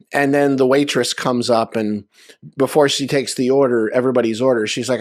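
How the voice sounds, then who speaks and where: Speaking at a memorial over a video call, a man shares loose, conversational anecdotes full of fillers. His mid-range voice keeps a steady tone at a moderate pace. The recording is dry, with clean studio sound.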